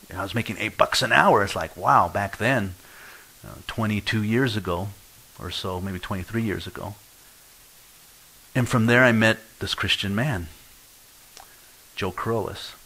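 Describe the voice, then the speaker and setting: Man, middle-aged, pastor, sermon, storytelling testimony, somewhat low voice. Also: bright, forceful tone, rough recording. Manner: storytelling, acts out quoted voices with laughs. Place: church.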